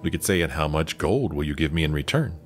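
Deep-voiced man reading game choices. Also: expressive, fast talker. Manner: reads dialogue options aloud, chatty. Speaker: let's play host. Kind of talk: casual game commentary. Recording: faint game music behind.

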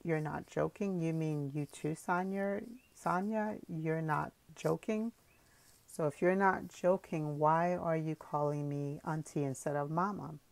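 A chattering village mother, tearful and excitable, rambling on in an audiobook story, put on by a woman narrator. The voice sits low. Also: measured pace, creaky, dry recording, low-quality recording. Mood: emotional.

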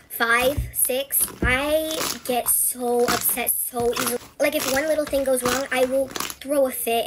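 Text-to-speech storytime voice, high and fast, chatty and confessional, clicking behind. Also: background noise.

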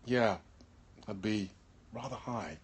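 A tired man from Birmingham, an actor in a laid-back live-stream chat, reading out viewer comments into a phone he holds, often clearing his throat and trailing off with ums. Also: on the low side, slow pace. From Birmingham, England. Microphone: phone held in hand.

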